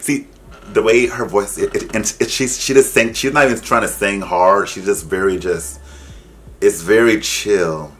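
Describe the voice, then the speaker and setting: A man giving casual reaction commentary, animated and exclaiming, mimicking voices as he talks. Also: on the low side, moderate pace, soft background music. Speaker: drag reaction vlogger.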